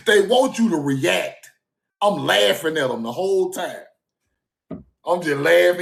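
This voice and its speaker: A man's voice: on the high side, expressive, measured pace, gravelly, pauses often, fairly bright tone, reverberant. A man talking off the cuff on a livestream, emphatic and repeating himself, often breaking into laughter. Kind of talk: casual livestream monologue. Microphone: phone or streaming mic.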